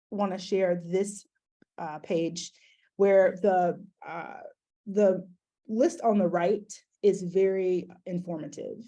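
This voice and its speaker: A woman's voice: lowish voice, mellow. A middle-aged woman educator giving a conversational talk to an audience, with frequent fillers and restarts. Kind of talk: conference talk presentation.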